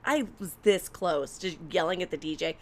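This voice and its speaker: Animated, profane woman telling a story. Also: fairly low pitch, moderate pace. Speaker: storyteller guest. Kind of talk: casual chat.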